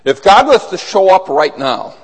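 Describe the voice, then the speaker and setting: A man preaching a sermon to a small group, husky and losing his voice, earnest and building to urgent emphasis. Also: high voice, very animated, moderate pace. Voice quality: husky, throat-clearing. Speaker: pastor. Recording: long hall reverb.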